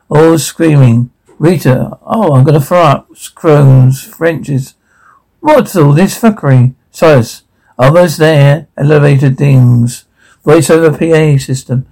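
A man with a somewhat high, gravelly, dark voice reads through a drama script on his own. He voices all of the characters and reads out the stage directions, delivering it dramatically while often stumbling over words, restarting, and swearing. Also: a little slow, rough recording. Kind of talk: reading a drama script aloud, voicing every part and the stage directions.

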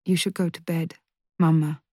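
A woman voicing a guarded young woman who speaks in hushed, clipped replies. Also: low voice, little pitch movement, normal speed, no echo, studio quality. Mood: tense, hushed. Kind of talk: audiobook character voice.

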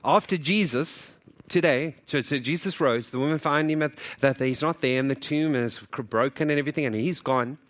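A man preaching a sermon as pastor, in a lively, conversational way, often acting out what people in the story say and joking with the congregation. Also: on the high side, normal speed. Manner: animated, acts out quoted dialogue.

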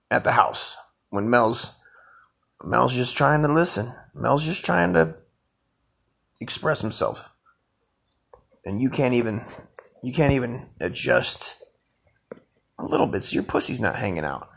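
A man's voice: mid-range voice, gravelly, slightly rough. A man hosting a stream, reacting to a clip with loose, profane commentary. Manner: loose, profane, animated, laughing asides.

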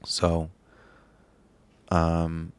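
A man in his late twenties in casual chat, speaking haltingly and softly with many pauses. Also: sits low, monotone, clean tone, dry recording. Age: 20s. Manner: halting, soft-spoken, many pauses and fillers.

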